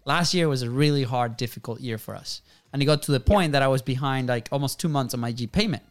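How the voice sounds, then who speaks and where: A man's voice: mid-range voice, fast talker. A man, a podcast host, telling a personal story in casual chat, rambling with restarts and tagging on "right?".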